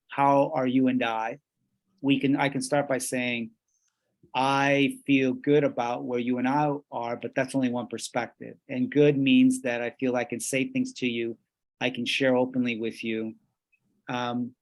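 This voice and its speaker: A man from Colombia, presenting a workshop in a measured way, pausing and restarting as he switches between English and Spanish. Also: mid-range voice.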